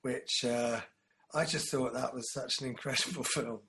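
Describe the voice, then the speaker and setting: A man's voice: mid-range voice, fairly even intonation, normal speed, bright, forceful tone. A man co-hosting a casual chat, rambling and joking, acting out quotes as he tells stories. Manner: rambling, jokey storyteller who acts out quotes. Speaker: podcast co-host.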